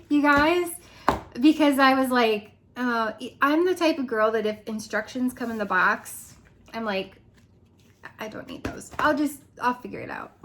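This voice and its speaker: A woman's voice: a little high, a bit bright. A woman chatting casually to her viewers in a rambling way, laughing often and going off on asides. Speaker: direct sales consultant. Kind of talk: casual vlog chat.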